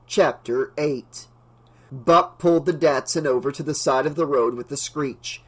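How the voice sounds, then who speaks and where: A man reading an audiobook, narrating the story in a steady, even way. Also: medium pitch, unhurried, over loud music.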